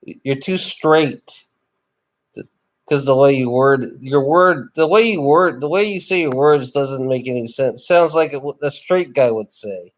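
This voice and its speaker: A man's voice: mid-range voice, measured pace. A man chatting casually in a rambling, teasing way, often restarting and repeating his phrases. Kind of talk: casual chat.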